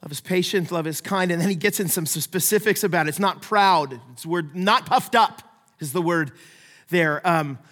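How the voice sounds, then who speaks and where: The long reverb of a large church sanctuary surrounds this sermon from a middle-aged male pastor with a high voice. He keeps a moderate pace and a lively, conversational style, slipping into playful voices for the people he quotes.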